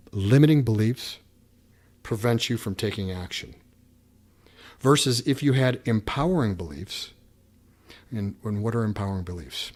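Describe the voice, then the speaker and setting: A podcast host delivers an earnest motivational pep talk, coaching listeners and voicing aloud the doubts in their heads. His lowish, darkish voice is animated but a little slow, with frequent pauses.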